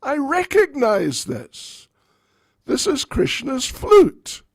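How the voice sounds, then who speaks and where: A man's voice: fairly high pitch, wildly swooping pitch, slow, vocal fry, a little mellow, slightly rough, dry recording, studio quality, full character voice. A man voicing a half-blind, suspicious old woman who insists on what she saw, with accusing questions. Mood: indignant.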